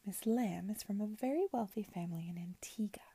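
A woman reading aloud softly, voicing a gossipy, confiding middle-aged chaperone in a whispered reading. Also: medium pitch, brisk, slightly rough. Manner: confiding, hushed.

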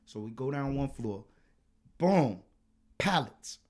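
A man co-hosting a podcast, telling a work story in casual, profane chat that turns loud and heated. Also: mid-range voice, slow. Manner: animated, profane, gets loud and heated retelling arguments. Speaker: podcast co-host.

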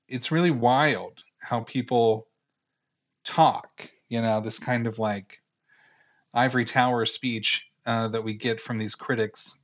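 Casual male podcast host in his thirties, wry and rambling, slightly muffled home recording. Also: mid-range voice. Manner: rambling, sarcastic about critics, many fillers. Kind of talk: casual film review chat.

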